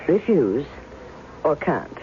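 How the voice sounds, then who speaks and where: A sharp, skeptical estranged wife. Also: female voice, deep voice, very animated, takes it slowly, slight background noise, exaggerated voice. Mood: probing. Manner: cool, cutting, probing. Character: sharp, skeptical woman guarding her heart. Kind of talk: 1970s radio drama acting. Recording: tinny narrow-band old radio with music.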